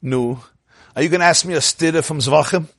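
Rabbi guy giving a torah class, kinda high voice, lots of rhetorical questions, dry close sound. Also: a little fast, breathy edge, no room sound. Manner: animated, rhetorical questions, sprinkles Hebrew and Yiddish terms.

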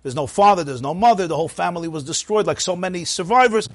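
A man preaching, telling a story in an animated, conversational way with frequent asides. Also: sits high, fast, no echo. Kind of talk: sermon storytelling.

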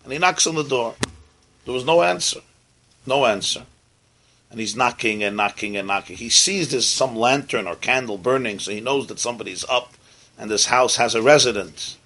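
Bright-voiced man telling a sermon story. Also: mid-range voice, moderate pace, a little hiss or hum. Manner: animated storyteller, sprinkles Hebrew and Yiddish terms. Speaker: rabbi teaching.

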